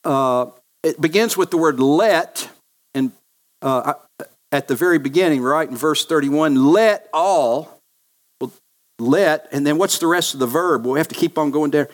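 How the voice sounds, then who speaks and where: A man delivers a sermon in an earnest, teaching manner. His voice sits a little higher than most men's. He circles back to key phrases to press them home. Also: measured pace. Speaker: pastor.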